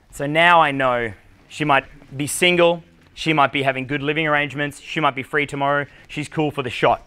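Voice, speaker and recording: An Australian man lectures a seminar crowd as a dating coach, with a blunt, swearing, punchy delivery. His voice is bright and forceful, pitched a bit above most men's. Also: steady tone, brisk, smooth. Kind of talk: live seminar talk. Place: conference room with live audience.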